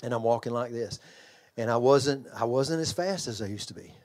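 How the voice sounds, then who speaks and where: A middle-aged man preaching a sermon in a church, with an altar call and an animated story told with yells and laughter. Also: mid-range voice, normal speed. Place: church hall.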